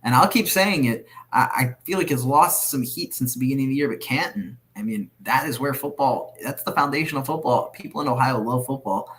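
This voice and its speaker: A man co-hosting a sports podcast who talks earnestly and firmly states his views. His voice is pitched in an ordinary middle range. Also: fairly quick, hardly any pauses, fairly bright tone. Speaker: podcast co-host. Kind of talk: casual sports chat.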